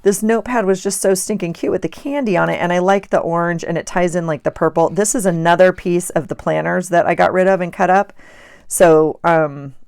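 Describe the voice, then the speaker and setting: A middle-aged woman talks casually as she crafts, rambling and amused at herself. Her voice sits a little low with a gravelly edge, and the sound is close and dry. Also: fairly even intonation, a little fast, a little mellow, no room sound. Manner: chatty, rambling, self-amused. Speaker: journaling vlogger. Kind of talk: casual chat while crafting.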